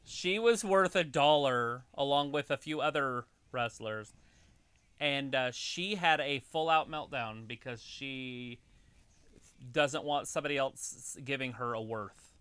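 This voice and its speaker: A man co-hosting a casual wrestling live stream, making dry, deadpan wisecracks. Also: mid-range voice, unhurried, clear, resonant tone, no echo.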